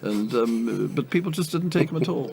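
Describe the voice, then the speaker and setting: An older man, a cricket commentator, tells anecdotes in an interview, chuckling readily and filling his speech with hesitant ums and uhs. His medium-pitched voice is creaky and a little mellow, with lively intonation at a normal pace.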